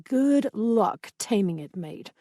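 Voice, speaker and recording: A woman's voice: mid-range voice, lively intonation, slow, mellow, dry recording, studio quality. A woman voicing a mocking male vampire companion who sounds sardonic and offhand in an audiobook.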